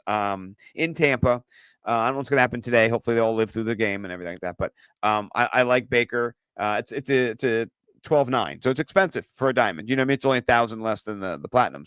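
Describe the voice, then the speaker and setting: A man co-hosting a sports podcast, talking excitedly and loosely, with lots of fillers and some swearing. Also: mid-range voice, no echo. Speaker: podcast co-host. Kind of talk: casual sports chat.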